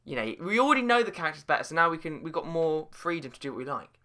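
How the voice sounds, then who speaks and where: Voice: mid-range voice, sing-song, very fast, sharp tone. Rambling mock-serious co-host. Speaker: podcast co-host. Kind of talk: comic banter.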